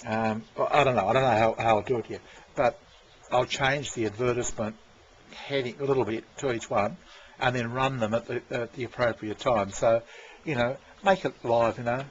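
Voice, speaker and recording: A man's voice: mid-range voice, fairly even intonation, normal speed, husky. A man talking in a rambling, casual monologue, full of fillers and restarts and swearing freely as he gives directions. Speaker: vlogger giving creative direction. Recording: dull lo-fi sound with faint room noise.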